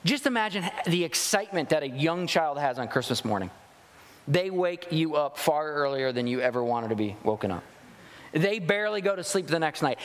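Animated high-voiced preacher in a hall. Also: male voice. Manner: animated, dramatic preaching with acted-out quotes. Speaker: pastor. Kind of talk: sermon.

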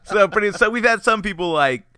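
Bright, smooth-voiced young man. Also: high voice, lively intonation, no room sound, studio quality. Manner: easygoing, chuckling, drawn-out phrasing. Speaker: podcast co-host. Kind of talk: casual chat.

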